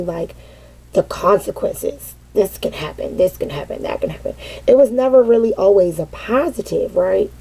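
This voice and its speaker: A middle-aged mother telling a candid, casual personal story, animated and peppered with cursing. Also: fairly low pitch, vocal fry, husky, low-quality recording. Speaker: mother sharing parenting experience.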